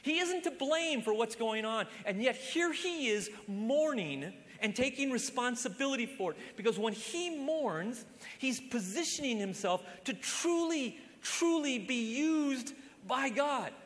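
A man preaches with a high, lively voice that leaps up and drops to a near hush. His delivery is impassioned. The sound rings with a long reverb from a large church hall. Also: unhurried. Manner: impassioned, swings from loud to hushed. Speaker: pastor. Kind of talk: sermon.

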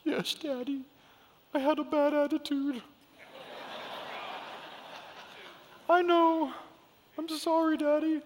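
A strong-willed four-year-old girl, as a preacher puts her on in his sermon, her voice pushed very high and shrill. She wails and shouts stubbornly. A long church reverb trails each cry. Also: little pitch movement, measured pace, slight background noise. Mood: contrite. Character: strong-willed little girl, about four, throwing a fit.

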